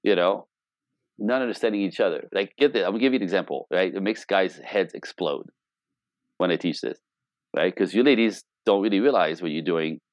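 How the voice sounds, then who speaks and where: A man's voice: deep voice, fairly quick, dry recording. A middle-aged man coaching on relationships in casual talk, acting out quoted dialogue with playful exaggeration and swearing freely.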